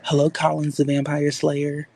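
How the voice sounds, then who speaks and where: Gravelly-voiced man hosting a live stream. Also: on the high side, completely flat delivery, normal speed, a little mellow. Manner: chatty, reads and answers chat comments aloud. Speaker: livestream host. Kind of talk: casual chat on a live stream.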